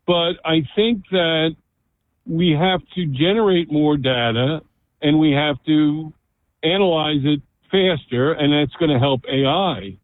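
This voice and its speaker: A man calling into a radio show, talking in halting, stumbling restarts. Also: fairly high pitch, no echo. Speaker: caller. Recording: tinny phone line.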